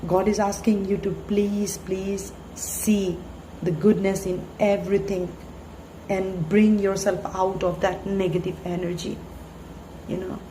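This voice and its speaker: A woman giving a spiritual tarot reading in an earnest, halting way, full of fillers and restarts. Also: mid-range voice, flat delivery, warm tone. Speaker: tarot reader. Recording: echoey room, faint hiss.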